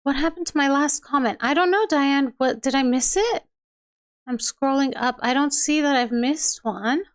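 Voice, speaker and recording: A woman's voice: sits high, moderate pace. A young woman hosting a livestream, reading out viewer comments in a chatty way and laughing often. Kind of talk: casual chat.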